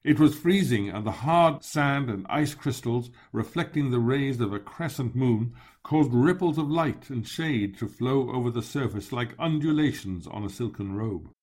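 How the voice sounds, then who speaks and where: A man narrating a first-person memoir in a measured, descriptive storytelling manner. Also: mid-range voice, expressive, a little mellow.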